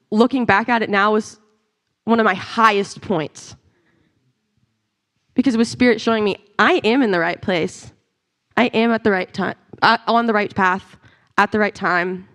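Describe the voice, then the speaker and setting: A woman giving an emotional personal testimony in church, close to tears and acting out the dialogue she retells. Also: on the high side. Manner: tearful, expressive, acts out quoted dialogue. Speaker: church speaker sharing a testimony. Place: church sanctuary.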